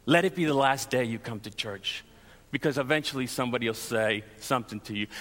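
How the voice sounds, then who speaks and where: A man from Long Island preaching a sermon, telling lively personal stories and acting out the shouting scenes. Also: mid-range voice, big-room sound. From Long Island, New York. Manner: animated storyteller, acts out shouting scenes.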